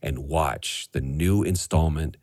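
A man chatting on a podcast as a voice actor guest, an animated storyteller who swears freely. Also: very deep voice, takes it slowly, no echo, studio quality. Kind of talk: casual podcast chat.

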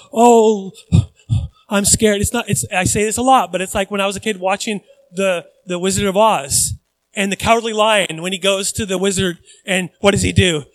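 A man preaching a sermon in a lively, conversational way, acting out quotes as he goes. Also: high-pitched, low-quality recording. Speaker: pastor.

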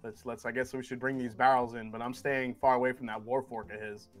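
A man's voice: mid-range voice, flat delivery, brisk, faint music behind. A man joking around as a player in a tabletop game. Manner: joking, playful. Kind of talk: casual tabletop play.

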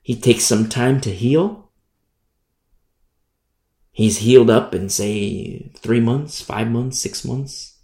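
A man preaching a Bible sermon in a conversational way, repeating and restarting phrases and slowing down to stress key words. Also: medium pitch, warm tone, reverberant.

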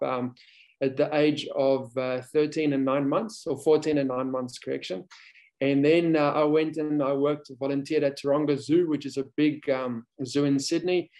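A man's voice: on the high side, a little mellow. A man raised in South Africa, a safari photo guide, talking as a guest in a casual interview with many fillers and restarts.

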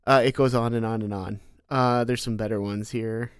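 A man co-hosting a casual podcast chat, animated and laughing, jumping up in pitch for emphasis. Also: moderate pace, clear, resonant tone, no room sound, studio quality. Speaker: podcast co-host.

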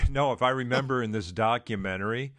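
A man co-hosting a podcast in casual chat, talking in halting bursts with many restarts and fillers. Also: medium pitch, fairly bright tone, dry recording. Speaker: podcast co-host.

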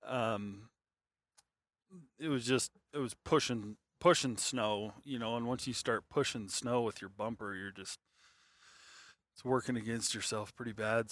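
A man's voice: on the low side, steady tone, normal speed, a bit bright. A man telling a long hunting story in casual, rambling talk, full of fillers and restarts.

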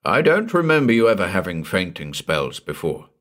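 A man voicing a burly, jovial middle-aged doctor with a booming, hearty voice. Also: very animated, moderate pace, a bit bright. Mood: gruff.

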